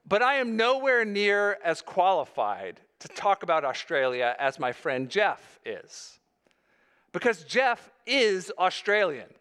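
A man's voice: sits high, fairly bright tone, clean tone. A male pastor delivering a sermon, earnest, with rising emphasis on key phrases.

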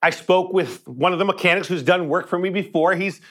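A man preaching a sermon as a story, his voice sitting a little high for a man. He talks to the congregation in a plain, conversational way and often repeats his words as he goes. For the tender parts he drops his voice to something hushed. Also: brisk. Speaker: pastor. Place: church sanctuary.

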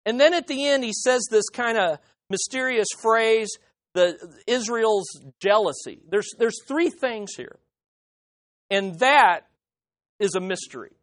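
A male pastor delivering an emphatic sermon in church, full of rhetorical questions and dramatic swings between loud and soft. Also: high voice, animated, a little slow, dry recording, studio quality.

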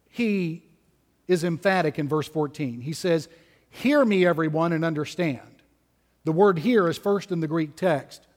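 A man preaching an expository sermon in a slow, emphatic, deliberate way. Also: on the high side, big-room sound.

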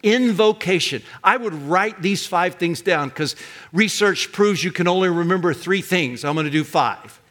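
An older pastor preaches in a high, bright voice at a moderate pace with lively intonation. He speaks emphatically, rising into loud, ringing cries on the words he wants to land.

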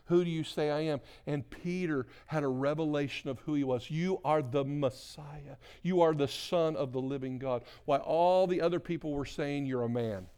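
A man preaching a church sermon as pastor. He swings between loud, emphatic exhortation and soft, hushed prayer, repeating words and restarting mid-phrase. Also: on the high side, moderate pace, few pauses, clean tone.

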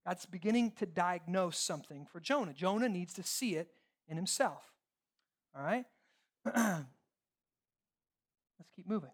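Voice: mid-range voice, lively intonation, a little slow, pauses often. A pastor preaching a sermon in an emphatic way, using repeated lists and rhetorical questions and checking in with listeners often.

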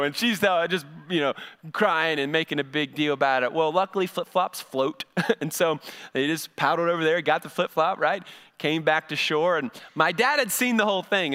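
A middle-aged pastor preaching in a high, bright, sharp voice. He is crisp and clear, and tells his stories in a folksy, animated way. He acts out the voices of the people in them. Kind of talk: sermon. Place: church service before a congregation.

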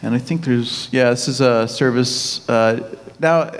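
Man, Texan accent, missionary pastor, halting with restarts, laughs easily, reverberant hall. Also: medium pitch. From Texas. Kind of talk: church mission report with slides.

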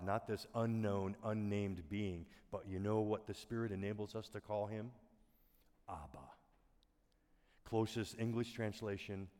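A middle-aged male pastor delivers an earnest sermon in a fairly low voice, often sinking to near whispers. His words ring out with a long reverb through a church auditorium. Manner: earnest, soft-spoken, dips to near whispers.

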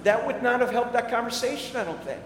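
A man's voice: extremely high pitch, expressive, quick pace, a bit bright, a little hiss or hum. Male pastor, conversational sermon storytelling; faint background ambience in a reverberant hall. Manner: conversational storytelling with frequent restarts.

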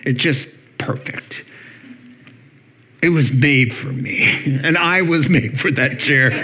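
A man's voice: on the high side, slow, long pauses, dull audio, noisy background. A middle-aged male pastor preaching a sermon, telling stories with humor and acting out little voices. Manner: animated storytelling, acts out voices with playful humor.

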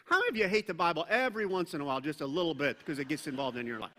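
A middle-aged man preaches a sermon in a loose, conversational way, tossing in jokes and sudden bursts of emphasis. His voice is bright and sits a little high for a man. The sound rings out with the long reverb of a large church hall. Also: expressive, very fast. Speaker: pastor.

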